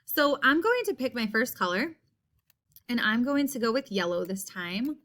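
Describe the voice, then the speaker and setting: A woman teacher leading a phonics lesson for young children, slowly stretching out and repeating each word sound. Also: on the high side, very animated, fairly bright tone.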